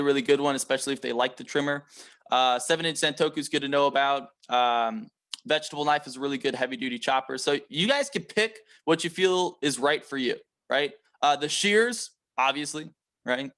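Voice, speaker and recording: A man's voice: fairly high pitch, fairly bright tone. A man giving a sales training talk to a team of reps, emphatic and repetitive, checking in with "right?" after his points. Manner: emphatic, repeats key points, frequent "right?" tags; calls himself aggressive.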